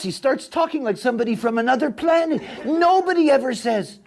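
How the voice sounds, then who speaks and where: A man giving a spoken lecture in a sardonic, mocking, animated way. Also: very high-pitched, a little fast, creaky, few pauses.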